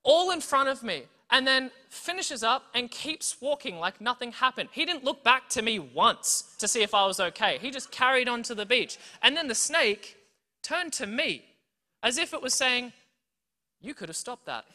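Bright-voiced Australian preacher in a big hall. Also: medium pitch, moderate pace. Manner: animated, tells stories, keeps checking in with "right?" and "okay?". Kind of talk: sermon with humorous storytelling. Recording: long reverb from a big hall.

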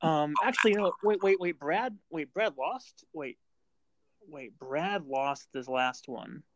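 A man's voice: a little high, slow, fairly bright tone, no echo. A man hosting a podcast in casual chat, repeating himself while checking the picks. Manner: chatty, repeats words while checking facts. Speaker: podcast host.

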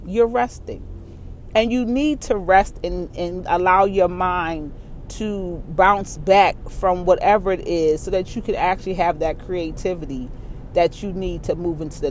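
A person with a Baltimore and New York mixed accent rambles through a casual solo monologue. The talk is candid and full of swearing, broken up by laughs and repeated phrases. A faint background hiss sits under the voice at a middle pitch. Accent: Baltimore and New York blend. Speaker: solo vlogger.

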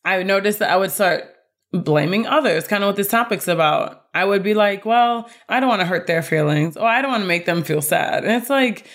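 A woman co-hosts a casual podcast, sharing her thoughts in an earnest, encouraging tone. Her voice sits at an ordinary middle pitch. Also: a little fast. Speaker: podcast co-host.

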